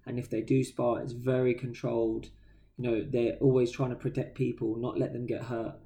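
Tired and yawning, a podcast co-host chats casually in a mid-range, creaky, mellow voice at normal speed and a level tone, a laid-back storyteller who uses slang and acts out quotes.

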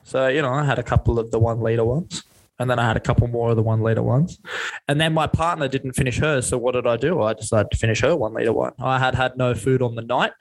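A young Australian man cohosting a podcast, telling a rambling, self-mocking story with plenty of swearing. His voice sits in a middling pitch, and he talks in a loose, casual way. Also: steady tone, quick pace, poor audio. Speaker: podcast co-host.

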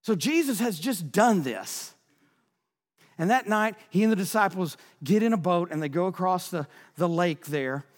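A pastor preaching a sermon, loud and excitable, often shouting when stirred up. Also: male voice, sits high, moderate pace, long reverb tail.

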